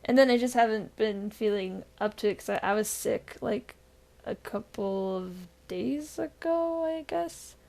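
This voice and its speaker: A woman co-hosting a casual podcast chat, tired and deadpan after being sick, rambling with fillers. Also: medium pitch, measured pace, vocal fry. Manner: rambling with frequent fillers and laughs. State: recovering from illness. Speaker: podcast co-host.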